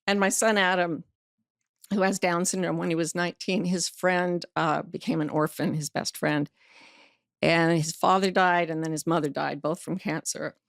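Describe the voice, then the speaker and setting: Low, gravelly woman telling a story. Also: no echo, studio quality. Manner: vivid storyteller acting out quoted voices, blunt and earthy. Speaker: guest author and life coach. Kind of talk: personal storytelling in a podcast interview. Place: podcast studio.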